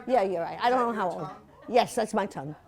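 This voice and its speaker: A woman's voice: medium pitch, animated, a little fast, a crowd in the background. A woman in her seventies giving a chatty, playful slide-show talk to a museum audience, full of asides and laughter. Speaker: guest speaker at a museum talk.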